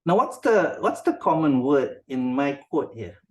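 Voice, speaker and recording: Malaysian male writing instructor, animated delivery, interactive classroom style. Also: fairly high pitch, unhurried. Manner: code-switching, often checks in with a questioning "yeah?"; calls on students by name.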